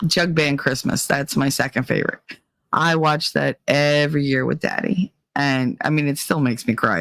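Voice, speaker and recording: A middle-aged woman with a low voice hosts a casual livestream from a dark, cramped corner of a room, with no room sound on the recording. She reads viewer comments and chats along, swearing and laughing as she hops between topics.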